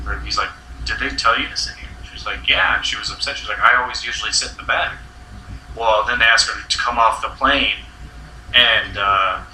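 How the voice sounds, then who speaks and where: A man's voice: lowish voice, pushed and bright, slight background noise. A young man hosting a casual chat, telling a long story full of filler words. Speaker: host. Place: friend's house indoors. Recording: echoey room, mic at a distance.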